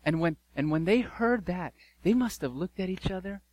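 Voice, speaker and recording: A male pastor preaching a sermon, telling a story with emphatic repetition and dramatic pauses. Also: high-pitched, lively intonation, a little mellow, dry recording, poor audio.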